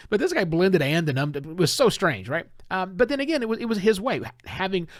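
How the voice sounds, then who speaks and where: A man hosts his own podcast, speaking in a lively, emphatic way. His voice sits slightly high and swings widely in pitch. He is recorded close on a dry mic. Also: dry recording. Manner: animated, conversational, emphatic. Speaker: podcast host. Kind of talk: solo podcast commentary.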